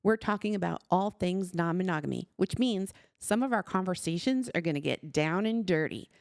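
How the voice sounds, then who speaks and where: Woman podcast host, casual upbeat chat, low-pitched voice, dry close mic. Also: expressive, moderate pace, gravelly, no room sound. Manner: upbeat, narrates for listeners.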